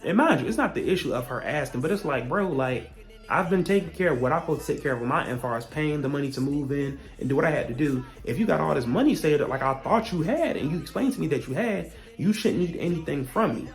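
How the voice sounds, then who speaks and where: A young man telling a storytime vlog, profane and heated, with animated rants he acts out as quotes. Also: on the high side, fast talker, soft background music. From Virginia, US. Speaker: vlogger.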